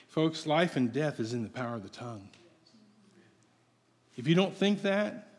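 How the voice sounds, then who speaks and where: A slow, reverberant male preacher. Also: on the high side, big pitch swings. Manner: conversational, playful preaching with audience questions. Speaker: pastor. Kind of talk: sermon. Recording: long hall reverb.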